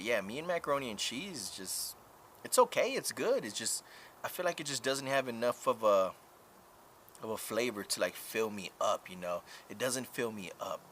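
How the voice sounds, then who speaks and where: A man's voice: on the low side, expressive, a bit bright, a little hiss or hum. A man live-streaming casual chat, talking frankly and profanely, rambling with lots of fillers while answering viewers. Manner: drawn-out filler-heavy talk.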